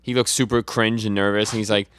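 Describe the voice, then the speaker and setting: A man's voice: fairly low pitch, level tone, fast talker, a bit bright, slight background noise. A man co-hosting a podcast, casually recapping comic chapters and reading out the dialogue with fillers and restarts. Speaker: podcast co-host.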